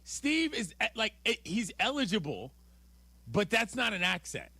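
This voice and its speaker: A man's voice: high voice, big pitch swings, vocal fry, bright, forceful tone, breathy edge, dry recording. Joking sports radio host man. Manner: joking, quick, playful. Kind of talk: casual sports talk radio.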